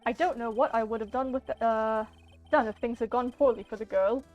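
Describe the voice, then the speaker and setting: A fretful old gentleman from a video game, as a woman puts him on, talking in a fussy, old-fashioned and hesitant way. The voice stays fairly high, with faint music behind. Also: a little fast, dull audio, lightly acted. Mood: troubled. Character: fretful elderly male art dealer. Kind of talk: amateur game voice acting.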